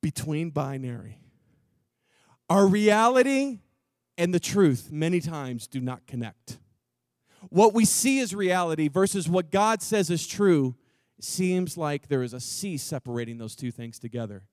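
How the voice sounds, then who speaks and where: A man preaching a sermon in a church, acting out Bible characters with lively swings from loud to hushed. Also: fairly high pitch, a little slow, dry recording, studio quality. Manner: animated, acts out Bible characters, drops to near whisper. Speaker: pastor. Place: church auditorium.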